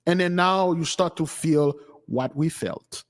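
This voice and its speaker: A man's voice: a little high, a little slow. A man hosting a channel, delivering an impassioned, preachy rant as livestream commentary. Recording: long hall reverb.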